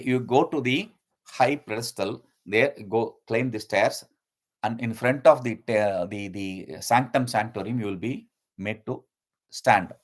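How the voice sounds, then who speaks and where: A man with a medium-pitched voice teaches a lesson, commenting on a scripture verse by verse. He explains at length, using frequent fillers and repeating key terms.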